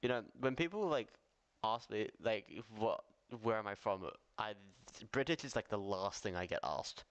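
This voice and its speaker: Australian male streamer, lowish smooth voice, chatty reaction commentary. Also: lively intonation, normal speed. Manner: chatty, laughs easily, puzzled asides.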